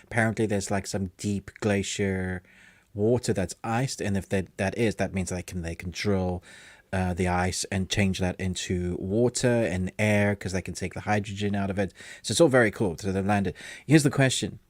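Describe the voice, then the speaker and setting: A man's voice: deep voice, steady tone, moderate pace, no echo, clean studio sound. A man co-hosting a casual movie chat, rambling and laughing easily. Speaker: podcast co-host.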